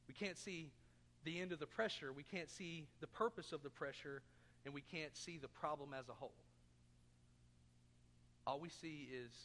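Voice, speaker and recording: A man's voice: fairly high pitch, fairly bright tone, long reverb tail, slight background noise. A man preaching a sermon as pastor, earnest, asking his congregation questions and throwing in jokes. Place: church sanctuary.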